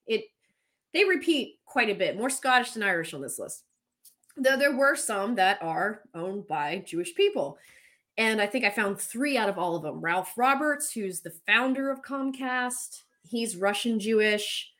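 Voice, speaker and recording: A woman's voice: mid-range voice, lively intonation, measured pace, fairly bright tone. A woman hosting a casual chat, talking candidly and swearing now and then as she runs through what she looked up. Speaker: host.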